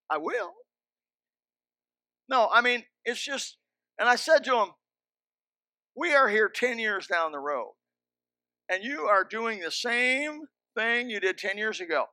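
A man delivers a sermon at a high pitch, with a bright, cutting tone. He stacks short, emphatic commands and drops wry jokes along the way. The mic sound is close and dry. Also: dry recording. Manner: emphatic, repetitive commands with joking asides. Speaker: pastor. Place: church. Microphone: handheld or stand microphone.

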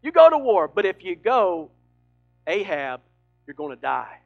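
A man's voice: sits high, huge pitch swings, a little slow, vocal fry, highs cut off, faint music behind, exaggerated voice. A man voicing a stern male prophet who gives a solemn warning. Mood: ominous.

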